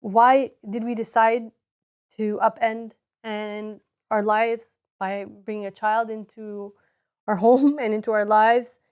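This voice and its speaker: Woman cohost talking real slow and thoughtful, lots of ums. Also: on the high side, level tone, darkish tone, clean tone. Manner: slow, reflective, hesitant with many ums. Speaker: podcast co-host. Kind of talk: casual personal storytelling.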